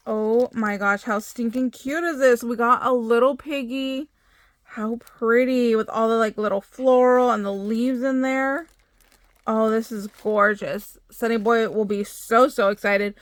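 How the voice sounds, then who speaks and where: A middle-aged woman chatting excitedly as she opens craft mail, gushing over each item. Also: a little high, no echo. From United States. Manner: gushing, excitable, many exclamations. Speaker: crafting vlogger opening happy mail. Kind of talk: casual chat.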